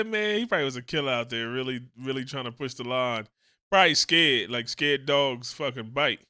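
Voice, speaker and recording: Male commentary host, crisp bright tone, mid pitch, casual reaction talk, animated and profane. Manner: animated, swearing, speculative asides.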